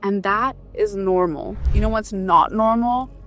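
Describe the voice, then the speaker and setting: A woman's voice: medium pitch, measured pace, a bit bright, soft background music. A woman from India with an Indian English accent, speaking in a scripted vlog commentary and making her points emphatically with rhetorical questions. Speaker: vlogger.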